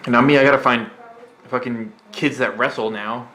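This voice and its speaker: Measured man explaining fight technique. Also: mid-range voice, steady tone, pushed and bright, slight background noise. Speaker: co-host, sparring partner. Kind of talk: casual chat commenting on a sparring video. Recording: roomy echo.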